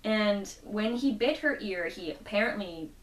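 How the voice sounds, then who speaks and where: A woman's voice: medium pitch, animated, a little slow, faint music behind. A woman casually recapping a comic book story, quoting the characters as she goes. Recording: roomy echo, mic at a distance.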